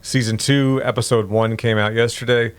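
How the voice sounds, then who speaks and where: Man ranting with animated profanity. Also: medium pitch, moderate pace, smooth. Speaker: podcast co-host. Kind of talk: casual chat.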